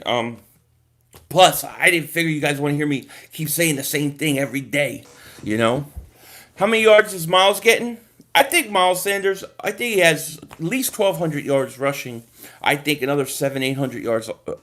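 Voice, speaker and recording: A man with a high, bright voice runs a casual sports livestream. He talks straight to his viewers, animated and freely swearing as he reads the chat. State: groggy from a nap. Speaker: livestream host reading chat.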